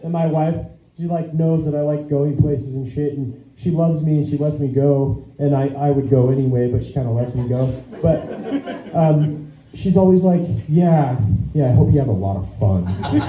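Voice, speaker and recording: A man's voice: on the high side, normal speed, slight background noise. A young man doing a stand-up set, rambling, swearing often and laughing at his own jokes. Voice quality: profane, rambling, self-amused. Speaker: stand-up comic. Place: small comedy venue. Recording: echoey lo-fi club recording.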